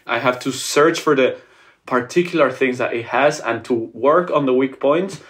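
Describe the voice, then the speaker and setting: A young opera tenor from Mexico answers an interview question. He talks thoughtfully and pauses to search for words. His voice sits at an ordinary pitch for a man. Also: a bit bright. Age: young adult.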